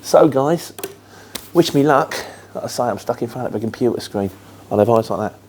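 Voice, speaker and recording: Fielding viewer questions, this middle-aged English man rambles in a chatty, matter-of-fact style, his Luton accent shaded by London. He speaks at a normal speed with a medium pitch, lively intonation and a slightly mellow quality, over a little background noise.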